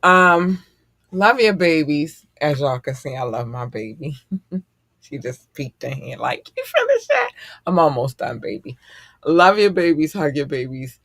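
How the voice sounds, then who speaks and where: A middle-aged man hosting a casual podcast chat, animated and profane and quick to laugh. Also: on the high side, vocal fry, no room sound, clean studio sound. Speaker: podcast host.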